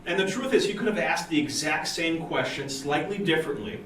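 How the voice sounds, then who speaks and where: A man speaking to a live audience at a user group meeting, his voice sitting a bit high. He talks in a lively, chatty way and acts out the people in his anecdotes. The recording is roomy and picked up from a distance, with faint noise behind it. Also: fairly quick. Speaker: conference speaker. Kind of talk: technical conference talk with storytelling.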